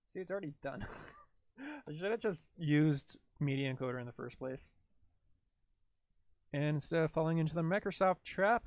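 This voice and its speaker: Giggly high-voiced young man rambling. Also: expressive, moderate pace, long pauses, no echo. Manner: rambling, giggly and self-deprecating. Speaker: live-stream host. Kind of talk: casual live-stream chat while editing.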